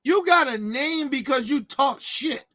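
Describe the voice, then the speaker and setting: Man, AAVE, high animated voice, brash and profane opinion rant on boxing. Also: measured pace. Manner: brash, profane, mocking, emphatic. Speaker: boxing commentator.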